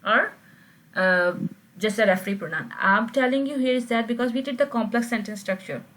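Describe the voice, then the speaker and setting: A woman's voice: on the high side, brisk, a bit bright, slight background noise, poor audio. A woman teaching an online grammar class, explaining patiently and often checking with her students. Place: video call.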